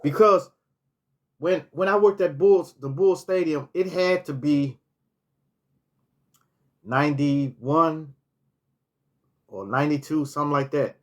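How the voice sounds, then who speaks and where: A man's voice: on the high side, takes it slowly, long pauses. A middle-aged man telling casual stories on a vlog, rambling, restarting words and filling with "you know" as he recalls things. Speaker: storytelling vlogger. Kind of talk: casual storytime monologue.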